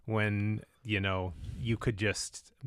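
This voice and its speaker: A man's voice: fairly low pitch, level tone, takes it slowly, dry recording. A man co-hosting a casual podcast discussion, laid-back and agreeable, often trailing off. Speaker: podcast co-host.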